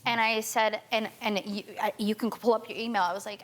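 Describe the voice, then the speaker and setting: A woman's voice: mid-range voice, level tone, fairly quick, fairly bright tone. A young woman guest on a talk show giving an urgent personal account, stumbling and restarting often. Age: young adult. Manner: urgent, tearful retelling with many restarts.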